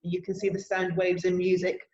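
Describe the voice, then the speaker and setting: A woman co-hosting a podcast, explaining classroom teaching ideas in a steady, encouraging way. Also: on the low side, normal speed. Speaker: podcast co-host, language teacher. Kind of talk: casual podcast discussion. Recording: echoey room, dull sound, faint noise.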